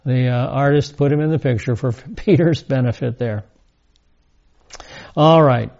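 A man's voice: mid-range voice, a little slow, creaky, a little mellow. A man teaching a scripture lesson, reading verses and adding casual asides. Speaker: Bible teacher. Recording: dull lo-fi recording.

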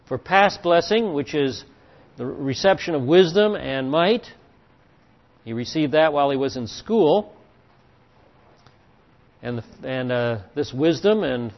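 A man teaching a Bible study class, speaking in a measured, halting way with fillers and restarts. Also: fairly high pitch. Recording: dull lo-fi recording.

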